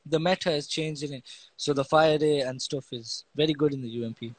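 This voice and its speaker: A young man with a slangy British English accent, a pro esports player answering questions in a relaxed, halting way with many fillers on a live stream. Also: a little high, dry recording. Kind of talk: casual interview on a live stream.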